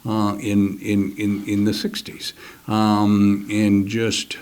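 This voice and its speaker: An older man telling a personal war story in an interview, halting and restarting, sometimes dropping to a near whisper. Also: lowish voice, completely flat delivery, darkish tone, clear, resonant tone. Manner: halting, many restarts, drops to a near whisper at key moments; acts out other soldiers' words in quick quoted voices. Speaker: interview guest.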